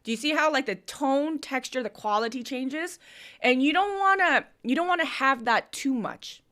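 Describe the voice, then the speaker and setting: Bright, forceful and high-voiced, this woman speaks at normal speed with lively intonation. On her live stream she critiques a submitted song, giving the artist technical pointers on vocals and production.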